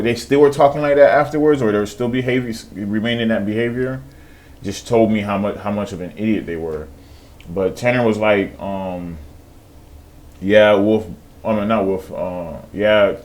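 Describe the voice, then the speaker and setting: A man with a slightly low voice tells a rambling story in a loose, casual way. He swears freely and acts out what other people said. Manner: casual, profane, animated retelling with quoted voices. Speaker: day trader.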